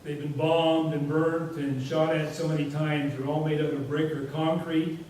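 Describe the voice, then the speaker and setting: A man's voice: on the high side, little pitch movement, moderate pace, a little mellow. Rambling man speaking in an echoey hall. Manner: rambling, anecdotal, frequent "you know" fillers. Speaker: guest speaker. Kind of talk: casual storytelling presentation. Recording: echoey hall from far off, faint hiss.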